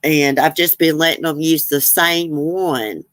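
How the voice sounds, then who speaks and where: A woman's voice: low voice, fairly even intonation, unhurried, slight background noise. A woman, chatting casually as a livestream host, reading viewer comments and rambling with frequent laughs.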